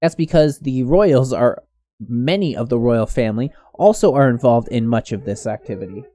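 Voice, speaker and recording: A man's voice: mid-range voice, moderate pace, mellow. A man giving casual commentary on a news story, rambling with many restarts. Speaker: commentary host.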